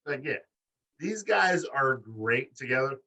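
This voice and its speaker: A man co-hosting a wrestling podcast in casual chat, profane and animated, acting out quotes in high voices. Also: moderate pace, far from the mic. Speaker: podcast co-host.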